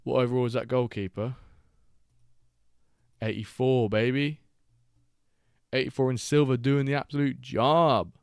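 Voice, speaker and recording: A man co-hosting a live match watchalong stream in casual chat, bantering, swearing freely and bursting into excited calls of the play. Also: mid-range voice, a little slow, gravelly, pauses often, clear, resonant tone, no echo, clean studio sound. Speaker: stream co-host.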